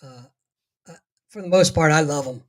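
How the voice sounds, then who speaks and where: A man's voice: a little high, moderate pace, a bit bright. A man in casual podcast chat, talking bluntly and swearing casually. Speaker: podcast co-host.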